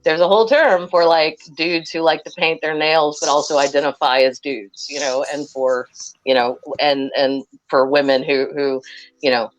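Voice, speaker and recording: A woman's voice: low voice, fairly even intonation, normal speed, highs cut off. A woman from Western Kentucky, a guest chatting casually on a video call and rambling with many restarts.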